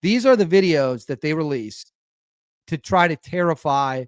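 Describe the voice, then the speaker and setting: A man's voice: on the high side, animated, measured pace, dry recording, clean studio sound. A young man hosting an opinionated commentary show, talking in an incredulous and mocking way. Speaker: commentary host.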